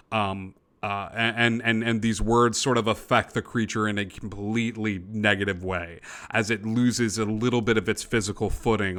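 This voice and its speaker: A man's voice: lowish voice, a bit bright, clean tone. A man narrating as game master for a tabletop game over a call, descriptive and full of fillers and restarts.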